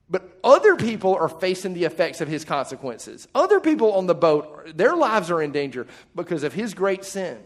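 Man preaching in a lively conversational way. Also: high-pitched. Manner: conversational preaching with quick asides and jokes. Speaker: pastor. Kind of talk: sermon.

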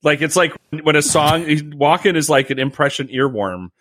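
A man co-hosting a podcast with a lively, swooping delivery and a slightly high voice, always ready with a joke. He is recorded close and dry. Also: normal speed. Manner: jokey, animated, tries impressions. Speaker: podcast co-host. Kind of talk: casual true-crime chat.

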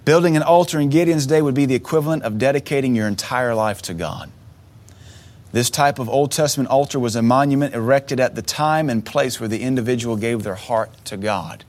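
A man's voice: medium pitch, fairly quick, darkish tone. A man in his thirties preaching a sermon, earnest and emotional, often restarting his words as he tells a personal story. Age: 30s. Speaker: pastor.

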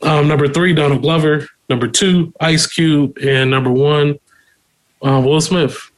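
A man's voice: on the high side, steady tone, unhurried. A man co-hosting a casual chat, laid-back and agreeable as he lists his picks. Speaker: podcast co-host.

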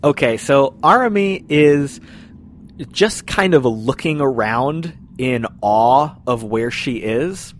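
A man's voice: medium pitch, lively intonation, slow pace, slight background noise. A man narrating as game master in a tabletop game, describing scenes unhurriedly.

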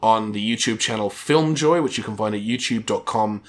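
A man's voice: fairly low pitch, moderate pace. A man co-hosting a movie podcast, wry and chatty as he makes plugs and jokes. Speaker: podcast co-host. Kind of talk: casual chat.

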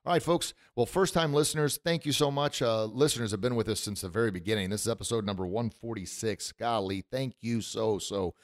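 Deep-voiced, effusive male podcast host. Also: a little fast, hardly any pauses, no room sound, studio quality. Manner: effusive, emotional, thankful. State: choked up. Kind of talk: casual podcast chat.

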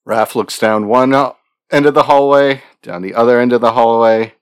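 Deadpan male tabletop player. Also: mid-range voice, normal speed, clear, resonant tone. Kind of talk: tabletop role-play.

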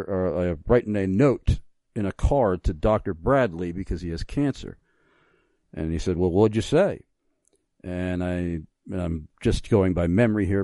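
A man's voice: low voice, mellow, no echo. A middle-aged man hosting a radio talk show, telling a personal story in an earnest, thoughtful way with many small restarts. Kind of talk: casual radio conversation, storytelling.

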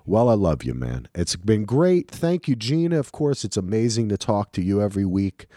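A man's voice: lowish voice, big pitch swings, moderate pace, mellow, no echo, clean studio sound. A man from New Jersey hosting a podcast, joking and thanking his guest in casual chat. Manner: playful, joking sign-off banter. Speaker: podcast host.

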